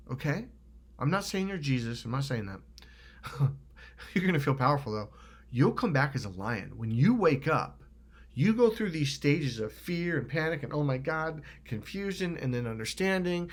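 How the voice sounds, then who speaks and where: Lively-voiced middle-aged man vlogging. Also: fairly high pitch. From Northern California. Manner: animated, swears freely, acts out other people's lines. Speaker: self-help vlogger. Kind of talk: casual motivational monologue.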